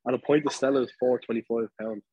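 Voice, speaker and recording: A man with a Dublin accent, co-hosting a podcast and telling an animated, casual story full of fillers. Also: medium pitch, fast talker, slight background noise, rough recording. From Ireland. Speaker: podcast co-host. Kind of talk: casual chat.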